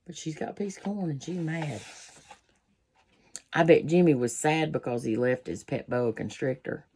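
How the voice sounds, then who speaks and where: A woman's voice: low-pitched, normal speed, warm tone, slight background noise. A woman reading a children's picture book aloud, breaking off for folksy asides to her listeners. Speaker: storybook reader.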